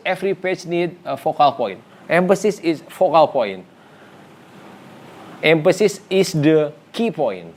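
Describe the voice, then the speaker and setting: A man giving a design lecture, his voice sitting a little high for a man. He speaks unhurriedly, in non-native English with an Indonesian first language, stopping often for fillers and restarting his sentences. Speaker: teacher.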